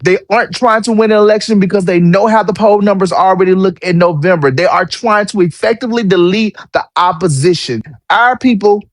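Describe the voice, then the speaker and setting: A man's voice: high voice, a little fast, hardly any pauses, no room sound, clean studio sound. A man giving impassioned political commentary, blunt and swearing freely as he rallies his listeners. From Tennessee.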